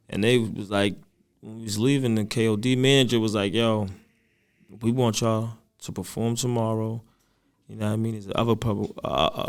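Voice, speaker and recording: A man's voice: on the low side, smooth. Young man, rapper guest, loose slangy storyteller. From Boston. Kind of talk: casual chat.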